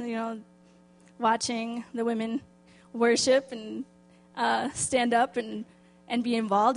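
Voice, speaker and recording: A woman sharing a church testimony about volunteering, speaking with frequent hesitant fillers. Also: a little high. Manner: warm, hesitant, with many fillers. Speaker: driver and program volunteer.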